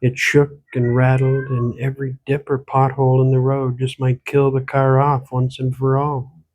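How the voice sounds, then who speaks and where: A man, the author, reading his own gothic horror novel aloud in steady, measured storytelling. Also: medium pitch, lo-fi sound. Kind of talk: audiobook narration.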